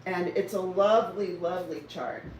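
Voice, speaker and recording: A woman's voice: lowish voice, steady tone, normal speed, darkish tone, slight background noise. Chatty woman in her sixties, roomy sound. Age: 60s. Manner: chatty, teasing, laughs often. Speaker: cross-stitch vlogger. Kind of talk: casual live-stream chat. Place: home in Denver. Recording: roomy, slightly distant mic with faint ambience.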